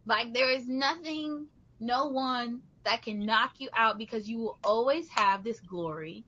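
A woman's voice: a little high, a little slow, sharp tone, muffled recording. A woman hosting a podcast, talking in an earnest, rambling, motivational way. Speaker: podcast host. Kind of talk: casual reflective chat.

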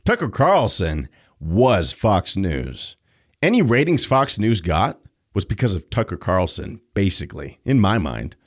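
A young adult man hosting an opinion podcast, sarcastic and animated, jumping between loud and quiet. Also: fairly low pitch, a little slow. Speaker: podcast host.

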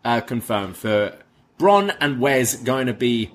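A man's voice: mid-range voice, sing-song, slow pace, slight background noise. A man, co-hosting a podcast and giving a casual recap of a wrestling show. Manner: recaps the show, acting out quoted lines. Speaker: podcast co-host.

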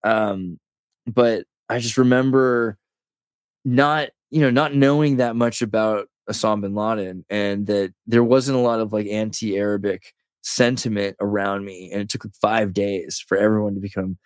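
A man in his thirties from California, a podcast guest telling rambling, animated stories in casual conversation. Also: on the low side, moderate pace, dry recording, clean studio sound. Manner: rambling, animated storyteller who says "dude" and "like".

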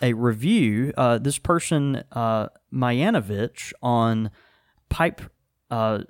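A man's voice: mid-range voice, slow, no room sound, clean studio sound. A man hosting a casual podcast about pipe tobacco, rambling with many fillers and laughing easily. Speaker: podcast host. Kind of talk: casual chat.

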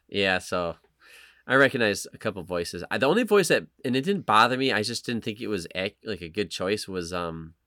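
A man's voice: lowish voice, animated, normal speed, pushed and bright, no echo, studio quality. A man co-hosting a podcast, talking loosely and rambling, with many restarts. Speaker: podcast co-host. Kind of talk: casual chat.

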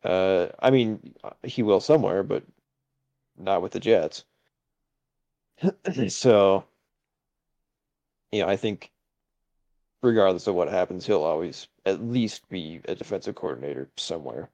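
A man's voice: deep voice, lively intonation, a little slow, long pauses, dark tone, highs cut off. A man co-hosting a casual sports podcast, talking hesitantly with many fillers and chuckling asides. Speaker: podcast co-host.

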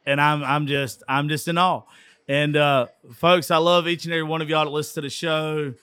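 A man's voice: a little high, little pitch movement, moderate pace, pushed and bright, clear, resonant tone, no room sound, soft background music. A tipsy man from Georgia with a Southern accent, hosting a rowdy, profane live sports call-in style show. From Georgia, USA. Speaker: radio show host. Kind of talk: drunk live sports commentary.

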